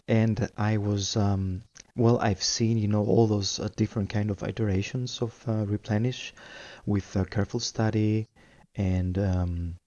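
Hesitant low-voiced man, muffled audio. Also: a little mellow. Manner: hesitant, many fillers. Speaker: podcast guest. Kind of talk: casual chat.

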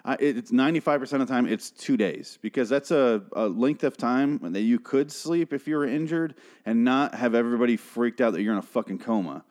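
A man casually recapping a TV episode, swearing freely and acting out characters' lines in quick put-on voices. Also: medium pitch, darkish tone.

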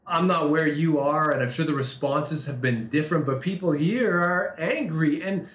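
A man preaching a sermon, talking through a scripture passage in a conversational way, with quick asides and slower, dramatic reading. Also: fairly high pitch, a bit bright, echoey room. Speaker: pastor.

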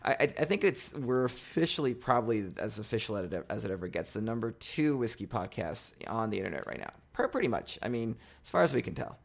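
A man's voice: mid-range voice, big pitch swings, fast, vocal fry, hardly any pauses. A man hosting a casual whisky podcast, laid-back and rambling, full of fillers and restarts. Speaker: podcast host.

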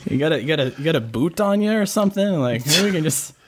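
A man's voice: a little high, lively intonation, fast, a little hiss or hum. A man playing a tabletop game, asking hesitant, polite questions in a casual way. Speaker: player.

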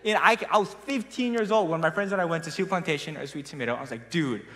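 Raised-voice storyteller preaching in a reverberant hall. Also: male voice, a little high, fast talker. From South Korea. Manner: animated storytelling, casual and self-mocking. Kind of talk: sermon. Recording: long reverb of a large hall.

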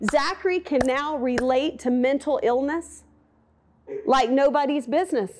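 A high-voiced woman, a Bible teacher, delivers a conversational sermon in a relaxed, animated way. She acts out quoted voices while telling the story and frequently asks her listeners questions.

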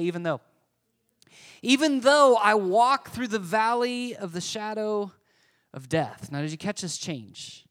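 A male pastor preaching a sermon to a congregation in an animated, emphatic way. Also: high-pitched.

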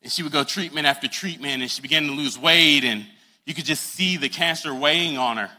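A man's voice: a little high, brisk, bright, forceful tone, big-room sound. A man preaching a sermon in a conversational, earnest way, acting out the scenes he describes. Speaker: pastor.

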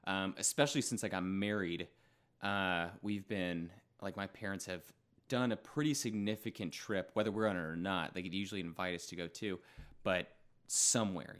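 A young man with a lower, bright and forceful voice, talking loosely in a relaxed podcast chat. He rambles, restarts his sentences and sometimes bursts into loud silly riffs. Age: young adult. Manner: rambling, self-correcting, breaks into loud goofy bits. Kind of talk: casual chat.

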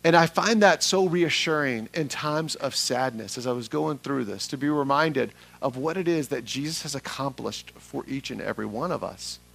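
A young adult man from Atlanta, preaching a sermon to a congregation, building from quiet reflection to loud emphatic calls. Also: mid-range voice, moderate pace, gravelly, few pauses, breathy edge. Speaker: pastor. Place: church sanctuary with congregation.

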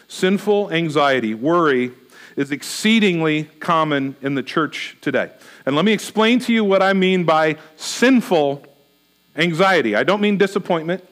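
A middle-aged male pastor with a noticeably high voice delivers a sermon. He speaks earnestly and voices anxious rhetorical questions as though thinking them aloud. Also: normal speed, fairly bright tone.

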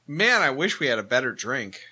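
A man's voice: medium pitch, very animated, fairly quick, pushed and bright, slightly rough. A man co-hosting a podcast, rambling with self-deprecating asides while plugging his projects. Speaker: podcast co-host. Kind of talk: casual podcast chat.

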